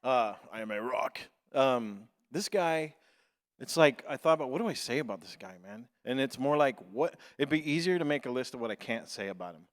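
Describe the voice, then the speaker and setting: Pastor with a smooth voice in a reverberant hall. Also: male voice, mid-range voice, expressive. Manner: halting, filler-heavy, joking. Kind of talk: informal church introduction. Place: church sanctuary.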